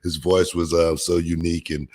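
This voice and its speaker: Man, very deep voice, husky, radio co-host, casual storytelling, laughs often. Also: level tone, moderate pace, a little mellow. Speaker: co-host, former wrestling commentator.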